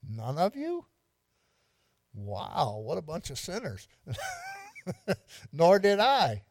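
A man's voice: a little high, huge pitch swings, slow, no echo. A man pastor giving an interactive evening sermon, quizzing the congregation and repeating lines for emphasis with light humor.

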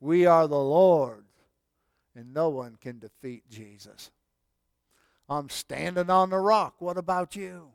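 A man preaches in a folksy, storytelling way, rising to loud calls and dropping to hushed asides. His voice sits high and rings smooth and clear. It is recorded close and dry. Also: takes it slowly, pauses often, dry recording. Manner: folksy, swells loud then drops to near whispers. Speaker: pastor. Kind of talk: sermon.

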